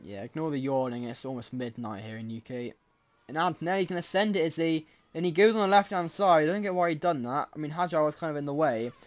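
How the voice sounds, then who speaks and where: A man giving live race commentary from home late at night, excitable and often correcting himself mid-sentence, with a scratchy throat. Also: on the high side, quick pace. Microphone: desk microphone. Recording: slightly muffled lo-fi mic.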